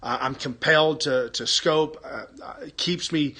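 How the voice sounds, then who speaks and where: A man's voice: fairly high pitch, unhurried, bright, forceful tone. A man hosting a casual live stream, chatting with viewers and reading their comments aloud, enthusiastic, laughing and repeating himself.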